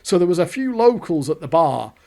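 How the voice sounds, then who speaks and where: A man's voice: sits high, very animated, brisk, vocal fry, warm tone. An English man telling a rambling, chatty story over pictures as host of a gambling video channel. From England. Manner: rambling, chatty, self-correcting, swears casually.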